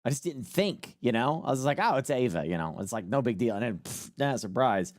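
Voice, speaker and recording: Lively, dry-voiced man streaming. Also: medium pitch, fairly quick, no echo. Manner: rambling, joking, swears freely. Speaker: streamer reacting to a news clip. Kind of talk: casual live-stream commentary.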